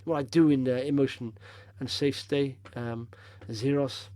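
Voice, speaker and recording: A man's voice: medium pitch, steady tone, measured pace, dark tone, dry recording. A man hosting a casual stock-picking video, talking over charts in a chatty, rambling way with blunt opinions, tired after a long drive.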